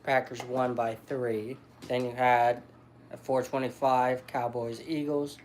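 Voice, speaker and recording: A man with an average-pitched voice runs through football results one after another. A faint noise sits behind him. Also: unhurried. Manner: steady listing of game results. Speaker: family member recapping sports. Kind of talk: casual sports recap.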